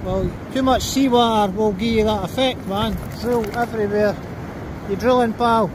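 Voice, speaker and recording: A man's voice: high-pitched, steady tone, normal speed, noisy background. A Scottish man vlogging outdoors while walking his dog, blunt and sweary, giving commands. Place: outdoors on a seafront by a road.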